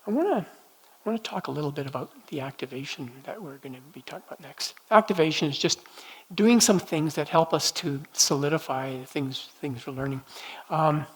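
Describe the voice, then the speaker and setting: A man leading a church prophetic training night, telling personal stories in a gentle, conversational way with halting restarts. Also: on the high side, husky, rough recording. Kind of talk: teaching talk with personal storytelling. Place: church meeting room.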